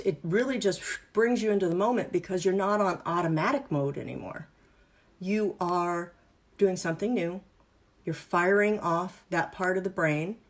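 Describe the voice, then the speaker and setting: A woman coach leading a live online workshop, explaining exercises in an upbeat, playful, instructive way. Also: medium pitch. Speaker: wellness and business coach.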